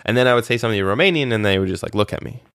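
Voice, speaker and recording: A man's voice: fairly low pitch, racing, vocal fry, no room sound, clean studio sound. A man being interviewed about his time as a volunteer, telling chatty stories with many fillers and restarts. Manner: chatty, animated storytelling with frequent fillers and restarts. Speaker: interview guest, former volunteer. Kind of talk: casual conversational interview.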